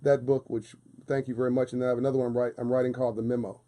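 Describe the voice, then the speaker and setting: Racing along in a warm, mid-range voice with little pitch movement, this man is a guest on a radio show. His casual studio interview talk carries a fervent, preacher-like rhythm, with phrases repeated for emphasis.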